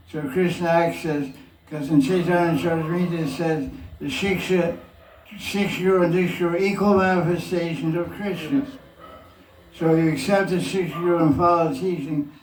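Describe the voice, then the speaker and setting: Guy teaching, relaxed, chuckles a lot, bit high voice, mic far off in an echoey room with a faint hiss. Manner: relaxed, chuckling, quotes people in put-on voices. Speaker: spiritual teacher answering questions. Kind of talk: question and answer talk.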